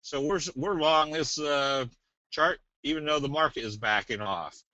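A man presenting a trading webinar in a casual, folksy way, slipping in jokes and a sales pitch. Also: measured pace, bright, forceful tone, no room sound. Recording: dull, dry webinar audio.

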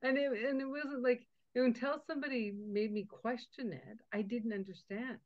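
A woman hosting a conversational interview, telling stories with lively acted-out dialogue. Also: on the high side, moderate pace. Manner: animated storyteller, acts out quoted dialogue. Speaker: podcast host. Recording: dull lo-fi audio.

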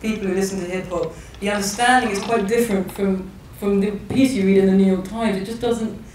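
A woman's voice: mid-range voice, fairly even intonation, brisk, a little mellow, far from the mic, a little hiss or hum. A woman novelist in her thirties, from England, talking thoughtfully in a public conversation, often restarting her sentences. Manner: thoughtful, hesitant, with many restarts. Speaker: novelist guest. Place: large echoey hall. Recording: echoey hall recording from afar.

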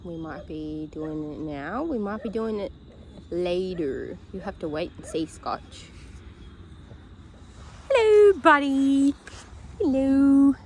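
Woman filming a dog daycare on her phone, slow and cooing, outdoors. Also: deep voice, expressive, darkish tone, a little hiss or hum. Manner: coos and praises dogs in a sing-song voice. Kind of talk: casual vlog narration, talking to dogs. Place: outdoor dog play yard. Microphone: handheld phone camera.

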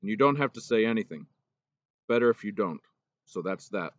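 A man voicing a gruff, remorseful older male teacher in a storybook reading, talking plainly and low. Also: lively intonation, fairly quick, no echo, highs cut off, natural voice.

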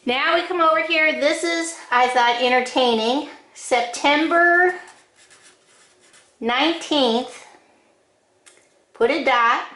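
A woman giving a drawing lesson, calling out short steps one at a time in a slow, patient way. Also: high voice, pushed and bright, roomy sound. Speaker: drawing teacher. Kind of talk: step-by-step drawing instruction.

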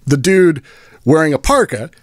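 A man's voice: on the high side, sing-song, normal speed, dry recording, studio quality. An older man hosting his own show, telling a long rambling story with frequent laughs. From Washington State, US. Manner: rambling, amused, laughs often. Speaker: podcast host. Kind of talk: storytelling monologue.

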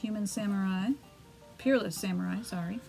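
A woman's voice: medium pitch, fairly even intonation, normal speed, vocal fry, darkish tone, faint music behind. Giggly woman opening card packs. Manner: giggly, reads card names and flavor text aloud. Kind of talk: casual chat.

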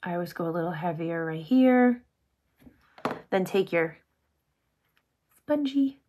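A woman hosting a casual makeup tutorial, bubbly and chatty, full of "like", often dropping to a soft whisper. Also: lowish voice, lively intonation, takes it slowly, highs cut off, a little hiss or hum. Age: adult with sons. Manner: bubbly, chatty, heavy use of "like".

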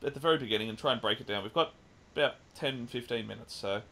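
A man co-hosting a podcast, casually recapping a film with lively retelling and the odd swear. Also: medium pitch, fast, vocal fry. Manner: animated retelling with swearing and mimicked lines. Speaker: podcast co-host. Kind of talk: casual chat, film review.

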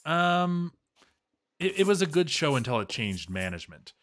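A man's voice: a little high, sing-song, moderate pace, a bit bright. A man giving casual, rambling and playful commentary while he plays a game, chatting to his viewers.

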